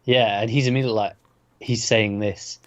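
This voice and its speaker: A man co-hosting a casual review chat, mostly giving short agreeing replies and calm observations. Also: lowish voice, fairly quick. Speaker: podcast co-host. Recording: dull lo-fi sound.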